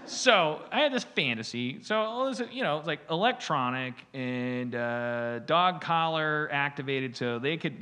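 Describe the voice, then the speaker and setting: A man's voice: medium pitch, sharp tone. A man hosting a podcast, telling a rambling, profane story in casual chat and acting out little voices. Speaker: podcast host.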